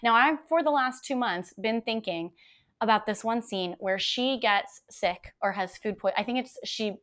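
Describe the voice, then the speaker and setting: A woman's voice: fairly high pitch, normal speed, fairly bright tone. A woman hosting a casual book podcast, talking in a gushing, emotional way and often repeating herself. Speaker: podcast host. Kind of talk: casual book review chat.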